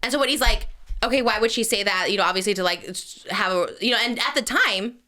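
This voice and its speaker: A young woman hosting a podcast, gossiping in an animated way and acting out what others said. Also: mid-range voice. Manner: rapid, animated, acts out others in quoted voices. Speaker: podcast host. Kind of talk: casual gossip chat.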